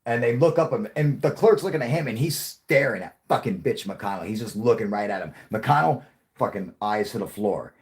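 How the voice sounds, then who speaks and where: Male vlogger, low and husky, profane and rambling, animated storyteller. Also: normal speed. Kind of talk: casual rant to camera.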